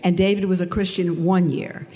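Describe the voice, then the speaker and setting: A woman giving a faith testimony to an audience, telling her story in an animated way and acting out the dialogue. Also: on the low side, moderate pace, in a large hall.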